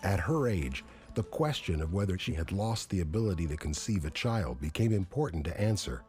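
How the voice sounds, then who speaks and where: Male documentary narrator, deep and warm, lively intonation, soft music underneath. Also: brisk. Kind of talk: scripted narration.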